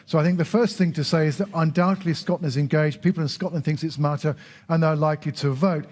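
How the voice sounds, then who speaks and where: A man lays out polling numbers in a measured, explanatory way, speaking quickly. His voice sits a little high. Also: fairly even intonation, a little mellow. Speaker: polling expert. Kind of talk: analytical commentary.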